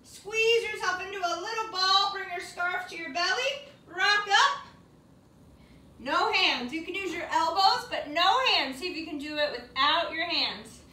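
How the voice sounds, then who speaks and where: A woman's voice: very high voice, animated, unhurried, sharp tone. A woman teaching a yoga class for young children in a sing-song, encouraging, playful way. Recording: echoey room, mic at a distance.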